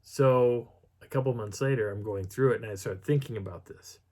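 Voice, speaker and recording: Animated storytelling man. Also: moderate pace. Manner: animated, acts out quotes with pitch jumps and whispers. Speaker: vlogger. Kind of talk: casual storytelling.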